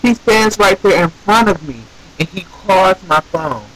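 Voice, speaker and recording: A young man telling a story to his viewers in a casual, animated way, swearing and ranting with rhetorical questions. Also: high voice, measured pace, rough recording. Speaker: vlogger.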